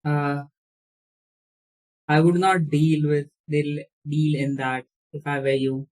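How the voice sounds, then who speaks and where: A player speaks slowly and haltingly at mid pitch, slipping between describing their character and talking as them. The delivery is careful and unhurried. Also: level tone, darkish tone, rough recording. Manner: slow, halting, mixing narration and character speech. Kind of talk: tabletop role-play, half in character.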